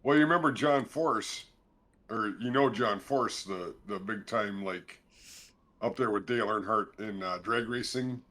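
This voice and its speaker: A man's voice: on the low side, measured pace, fairly bright tone. A man chatting casually on a game stream, joking and easygoing. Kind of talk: casual chat while gaming.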